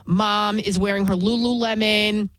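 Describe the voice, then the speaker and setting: A woman's voice: medium pitch, fairly even intonation, a little slow, dry recording, low-quality recording. A woman who works as a TV news host, talking in a blunt, opinionated and rambling way, often restarting her sentences. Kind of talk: casual spoken monologue.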